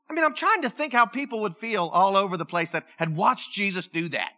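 A woman pastor preaching a sermon in church in a lively, joking way, acting out voices as she tells the story. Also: medium pitch. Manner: animated, joking, acts out voices.

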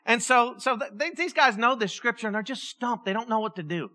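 A woman pastor preaching a sermon in church in a lively, joking way, acting out voices as she tells the story. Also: on the high side, fairly quick. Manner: animated, joking, acts out voices.

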